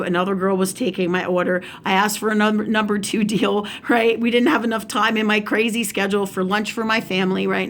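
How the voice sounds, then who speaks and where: A middle-aged woman hosting a spiritual video, telling a casual story in an animated way, swearing often and asking "right?" again and again. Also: medium pitch, slight background noise. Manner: animated, profane, lots of "right?".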